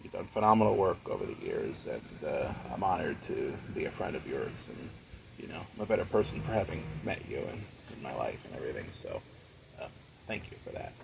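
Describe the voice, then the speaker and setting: Gravelly, lively male streamer. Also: very deep voice, fairly quick, background noise. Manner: rambling, filler-heavy, earnest. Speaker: live streamer. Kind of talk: casual live-stream chat.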